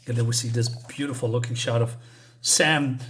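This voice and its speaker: A man chats his way through a comic book review in a loose, casual manner. He rambles, stacking up fillers and restarting his sentences. His voice sits at an everyday middle pitch. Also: steady tone, normal speed, fairly bright tone, a little hiss or hum.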